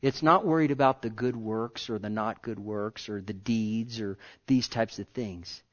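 A man preaching a sermon in an earnest way, swinging from soft, drawn-out phrases to emphatic ones and repeating key words. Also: on the low side. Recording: dull lo-fi recording.

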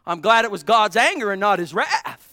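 Male preacher, high clear voice, fervent and emphatic, dry close sound. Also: big pitch swings, moderate pace, no room sound. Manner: fervent, swings between hushed and loud emphatic preaching. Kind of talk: sermon.

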